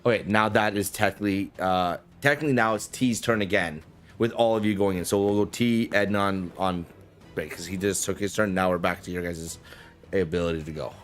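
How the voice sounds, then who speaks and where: A man with a very low voice runs a tabletop game, talking in a loose, rambling way and restarting his sentences as he goes. Soft music plays faintly behind him. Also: brisk. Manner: casual, rambling, with frequent restarts and swearing. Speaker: game master.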